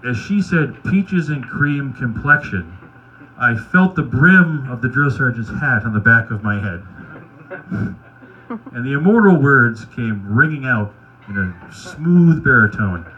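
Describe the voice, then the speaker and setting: A man doing stand-up, telling wry, crude anecdotes in a deadpan way. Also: mid-range voice, measured pace, dull audio, a little hiss or hum. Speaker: stand-up comedian. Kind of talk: stand-up storytelling at an open mic.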